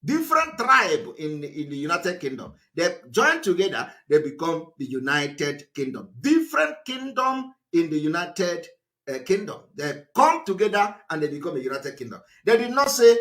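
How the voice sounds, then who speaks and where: A man's voice: very animated, normal speed, pushed and bright. A man giving a live political broadcast, emphatic and repetitive, firing rhetorical questions at his listeners. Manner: fillers and restarts, pitch swings up and down.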